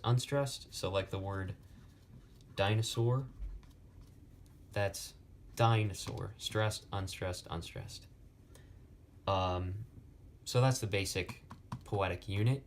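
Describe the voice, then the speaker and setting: A young man slowly explaining Latin poetic meter in a lesson, with many pauses and fillers. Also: fairly low pitch, slight background noise. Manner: slow, halting, many fillers. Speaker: Latin tutor.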